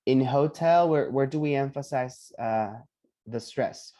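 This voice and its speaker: Patient male English teacher, dark tone. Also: medium pitch. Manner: patient, repeats words slowly for students. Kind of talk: online pronunciation lesson. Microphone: video call.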